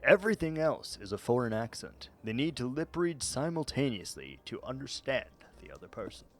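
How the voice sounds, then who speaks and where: A man's voice: medium pitch, very animated, moderate pace. A man streaming a game, chatting casually with viewers in a joking, rambling way and laughing often. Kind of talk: casual gaming stream chat.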